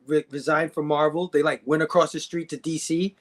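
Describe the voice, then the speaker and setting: A man appearing as a guest in a casual conversation, talking in a laid-back, agreeable way and often chiming in with quick agreement. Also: a little high, flat delivery. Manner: laid-back, agreeable, frequent "yeah" and laughter.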